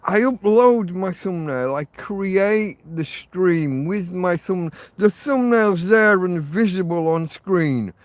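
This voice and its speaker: A man's voice: high-pitched, animated, takes it slowly, few pauses, dry recording. A man hosting a rambling live stream from his phone, sweary and self-deprecating as he rants. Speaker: livestream host. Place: in or by a tent outdoors.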